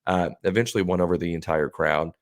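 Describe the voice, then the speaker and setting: With a low voice and a fast delivery, a podcast co-host spins a long, rambling, profane story from a bar, acting out what other people said. The casual chat is captured with clean studio sound and no room echo.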